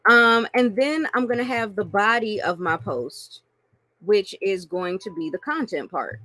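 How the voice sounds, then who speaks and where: Animated bright-voiced woman coaching. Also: medium pitch, a little slow. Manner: animated, playful, laughs often, calls listeners y'all. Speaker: network marketing coach. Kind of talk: teaching a marketing lesson with acted-out examples.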